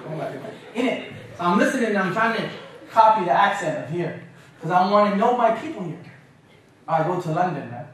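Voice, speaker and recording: A man's voice: high-pitched, fairly quick, slight background noise. Canadian-raised man lecturing in an echoey hall. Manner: lively, humorous, mimics accents. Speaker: guest speaker. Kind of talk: lecture with jokes. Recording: echoey hall, mic from a distance.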